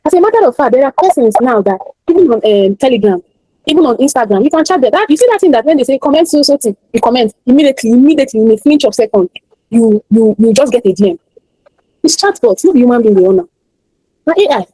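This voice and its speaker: Fast-talking Nigerian woman teaching a class. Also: fairly high pitch, lively intonation, mellow, no room sound, low-quality recording. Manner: emphatic, repeats key points, motivational. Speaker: online class instructor.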